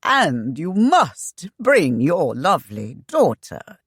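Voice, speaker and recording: A hearty, cordial gentleman of an earlier century, effusive and inviting, as the audiobook reader voices him. Slightly raised and bright, recorded dry and close. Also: mid-range voice, wildly swooping pitch, slow, husky, dry recording, voice pushed up, heavily acted.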